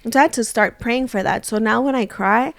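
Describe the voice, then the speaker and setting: A woman in her thirties, co-hosting a casual chat, animated as she acts out her own thoughts. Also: a little high, a little fast, creaky, no echo, clean studio sound. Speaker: co-host.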